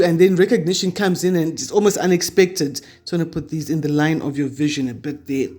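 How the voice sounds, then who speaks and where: A man's voice: on the high side, fast, hardly any pauses, mellow. A man giving a weekly tarot reading to camera, chatty and reassuring as he passes on spiritual guidance. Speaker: tarot reader.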